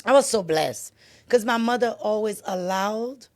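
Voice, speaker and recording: A woman's voice: medium pitch, unhurried, a little mellow. Affirming Haitian-born woman host. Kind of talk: conversational interview.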